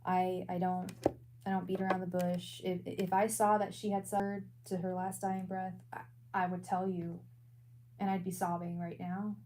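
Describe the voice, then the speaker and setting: A woman working as a tarot reader and psychic medium on a live stream. She talks in a soft, halting way and repeats her words often. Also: on the low side, flat delivery, slight background noise, rough recording. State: emotional.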